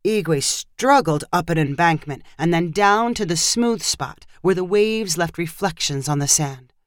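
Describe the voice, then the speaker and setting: In a steady, measured middle-register voice, a narrator reads a short story. The recording is close and dry, with no room sound or echo.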